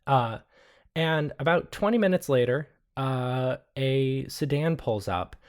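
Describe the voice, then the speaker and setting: A man's voice: mid-range voice, expressive, slow. A man narrating a tabletop game as game master, casual and hesitant with many fillers.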